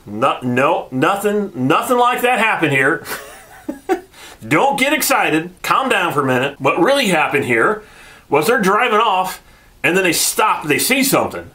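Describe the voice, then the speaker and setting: Sarcastic man reviewing a show, somewhat high voice. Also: a little slow. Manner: sarcastic, laughs often, animated retelling. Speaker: channel host reviewing a TV episode. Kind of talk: casual spoken review.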